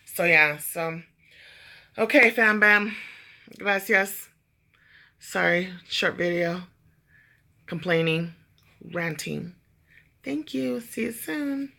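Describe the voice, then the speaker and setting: Bright-voiced woman ranting in a vlog. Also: mid-range voice, takes it slowly, creaky, long pauses. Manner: animated storytelling, acts out quotes; swears freely. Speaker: vlogger.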